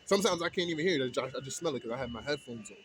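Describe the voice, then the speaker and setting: A man's voice: medium pitch, expressive, racing, faint music behind. A man ranting heatedly in a casual vlog, retelling an argument in colloquial speech.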